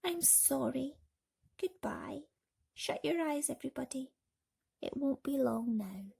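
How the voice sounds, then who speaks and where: A woman's voice: sits high, lively intonation, a little slow, vocal fry, mellow, husky, pitched above the performer's own voice, exaggerated voice. A woman reading aloud and voicing a brave young boy who gives urgent orders to his companions. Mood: despairing.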